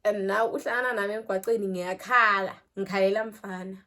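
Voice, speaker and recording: A young South African woman tells a story to her channel in an animated, chatty way. Her voice sits at a middle pitch, jumps up loud for emphasis and drops to near-whispers as she trails off. She drops local phrases into her talk with ease. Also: quick pace. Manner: animated, mixes in Zulu phrases, loud bursts then trails off quietly. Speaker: vlogger. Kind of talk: casual storytime.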